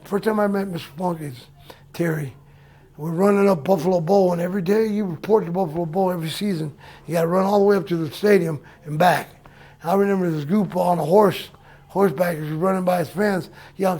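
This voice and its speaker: Blunt, laughing man with a high voice. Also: fast talker, a little mellow. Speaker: former football player. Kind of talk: interview anecdote.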